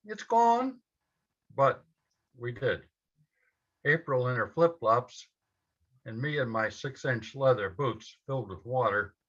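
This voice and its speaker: Slow, bright-voiced male storyteller. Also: medium pitch, slightly rough. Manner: slow, measured telling in short phrases. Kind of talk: personal story told to a live audience. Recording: dull lo-fi event recording.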